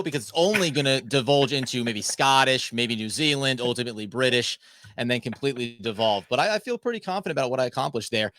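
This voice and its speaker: A man guesting on a sports podcast, talking through ideas in a relaxed, playful way. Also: mid-range voice, quick pace, no echo. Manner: relaxed, playful, thinks aloud. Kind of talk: casual sports chat.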